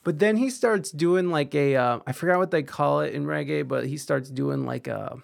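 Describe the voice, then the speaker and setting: Creaky-voiced man in profane casual commentary. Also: on the high side, normal speed. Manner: rambling, profane, offhand. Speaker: commentator reacting to videos.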